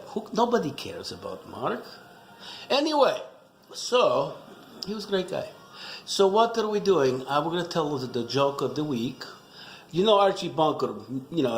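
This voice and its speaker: A man's voice: medium pitch, creaky, slight background noise. A middle-aged man in a rambling, self-mocking comic rant, joking loosely as he talks about wine. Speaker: wine vlogger. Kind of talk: casual comedic rant. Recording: echoey room.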